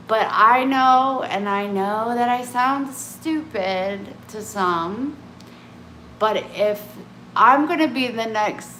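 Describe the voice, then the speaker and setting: A woman's fairly high, pushed, bright voice carries her casual vlog chat, which wanders and keeps stopping and restarting as she opens up about herself. There's slight background noise, and the room sounds echoey with faint ambience.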